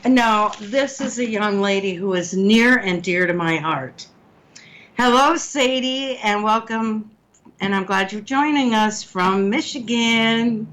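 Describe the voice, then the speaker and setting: A middle-aged woman hosting a relationship advice call-in radio show. She speaks in a warm, motherly way and teases her co-host. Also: medium pitch, slow. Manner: warm, motherly, teasing with guests. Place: radio studio.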